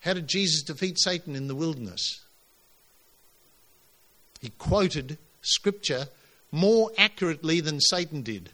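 Bright, forceful male preacher. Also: on the high side, measured pace, long pauses. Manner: emphatic, animated preaching with rising exclamations. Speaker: pastor. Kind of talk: sermon.

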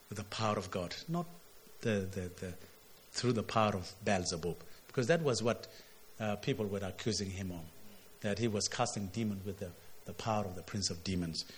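A man's voice: lowish voice, slight background noise. A man preaching a sermon, walking through a scripture passage, often asking his listeners "isn't it?" and lifting his voice when he quotes the text. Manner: expository, asks "isn't it?", surges loud on quotes.

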